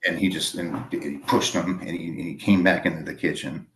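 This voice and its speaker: A man with a Boston accent telling a long personal story in casual chat, halting and full of fillers. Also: rumbling low, steady tone, a little hiss or hum. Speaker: podcast guest.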